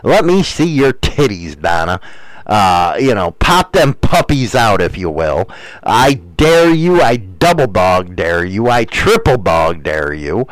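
Crude, rambling man with a lively voice. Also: on the low side, takes it slowly, no echo, poor audio. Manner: crude, profane, full of "uh" fillers; rowdy, swings into loud rants. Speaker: host answering viewer questions. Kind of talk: casual rambling chat.

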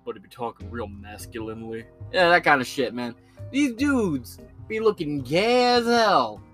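Young male podcast host with a brassy, raised voice who tells profane, slangy stories over quiet guitar. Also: fairly high pitch, sing-song, moderate pace. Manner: crude, joking storyteller with a lot of slang and swearing. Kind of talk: profane ranting commentary.

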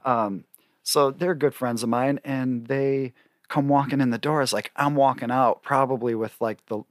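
A man, a guest musician, telling a story in a casual, animated way, swearing freely and laughing often between his lines. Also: mid-range voice, moderate pace, no room sound, studio quality. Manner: animated, profane, laughs often, lots of fillers.

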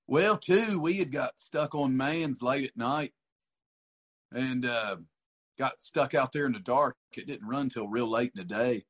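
A man's voice: medium pitch, unhurried, fairly bright tone. A man as a guest in a casual chat, easygoing, swearing and calling people dude and buddy.

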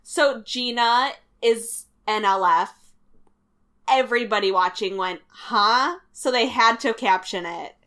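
A woman's voice: on the high side, takes it slowly, pushed and bright. A young woman co-hosting a podcast, recapping a TV show with dry, teasing remarks. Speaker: podcast co-host. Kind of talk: casual chat recapping a TV show.

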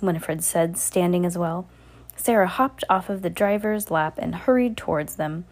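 A woman's voice: on the low side, steady tone, normal speed, a little mellow. A woman hosting a kids' reading podcast, reading a storybook aloud with playful asides to a child. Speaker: podcast host reading to kids.

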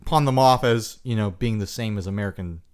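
A man's voice: fairly low pitch, brisk, darkish tone, clean tone. A man co-hosting a podcast in casual chat, joking and teasing his friend. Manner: joking, teasing, mock-indignant. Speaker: podcast co-host.

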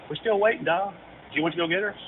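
A man's voice: high voice, fast. A man on a prank call, mocking and goading a stranger with crude insults. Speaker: prank caller. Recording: noisy phone-line audio.

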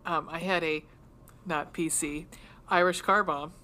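A woman's voice: lowish voice, steady tone, measured pace, noisy background. A woman co-hosting a book podcast in casual, teasing chat, laughing often. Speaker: podcast co-host.

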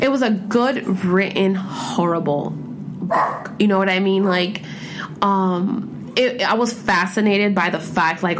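A woman's voice: mid-range voice, noisy background. Swearing, rambling woman in her thirties. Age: 30s. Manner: rambling, expressive, heavy swearing and filler words. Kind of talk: casual chat. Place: home room with pets.

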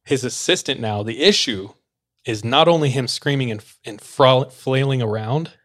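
A man spins a story in a relaxed, chatty way. His voice sits in a middle pitch, and he throws himself into the telling, acting out voices and breaking into laughs. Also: moderate pace. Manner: animated, acts out quoted voices, laughs while telling. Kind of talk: casual storytelling.

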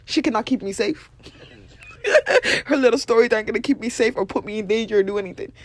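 A young woman hosting a podcast, giving blunt, animated motivational talk, swearing freely and laughing often. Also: fairly high pitch, very fast. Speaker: podcast host.

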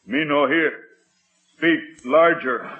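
An actor in an old radio sitcom playing a grown man as an Indian chief who talks in slow, clipped, broken phrases. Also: a little high, background noise. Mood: stern. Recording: tinny narrow-band old radio.

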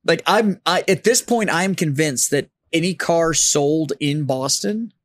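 Animated, swearing male storyteller. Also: a little high, unhurried, no room sound. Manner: animated storyteller, swears freely, mimics voices. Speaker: podcast host. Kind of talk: casual bar chat. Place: studio set up as a bar.

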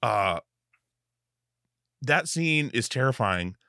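A man's voice: medium pitch, expressive, slow, sharp tone, no room sound, clean studio sound. An American man hosting a podcast interview, asking eager questions that tumble out with restarts. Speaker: podcast host.

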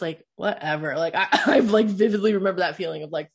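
A woman's voice: mid-range voice, steady tone, fast, few pauses. Candid, profane woman telling a story. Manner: candid, profane, rambling with many fillers. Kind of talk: personal storytelling.

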